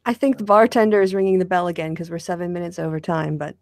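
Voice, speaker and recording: A woman's voice: on the low side, quick pace, darkish tone, dry recording. A woman hosting a casual chat, teasing her co-host and laughing often.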